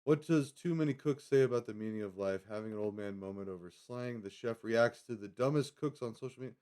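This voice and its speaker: This man hosts a live stream in a loose, casual way. He wanders from one thought to the next and keeps correcting himself. His voice sits at an ordinary pitch for a man. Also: fairly quick, dark tone, clean tone. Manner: rambling, lots of fillers and self-corrections. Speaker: livestream host. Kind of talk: casual livestream chat.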